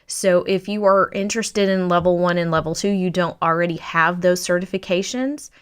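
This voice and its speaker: A woman's voice: on the low side, normal speed, clean tone. A woman who works as a digital learning coach, talking the viewer through her online training course in an upbeat, persuasive way. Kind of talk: promotional course presentation.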